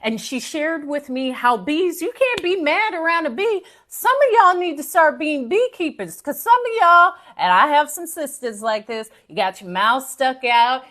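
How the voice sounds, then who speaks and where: Animated high-voiced woman, live-stream pep talk. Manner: animated, preachy and playful, talks to viewers directly. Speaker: motivational speaker and live-stream host.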